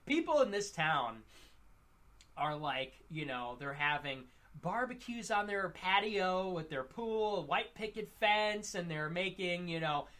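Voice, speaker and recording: A man rambling through a monologue, halting with fillers and restarts. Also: high voice, expressive, fairly bright tone. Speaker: livestream commentator.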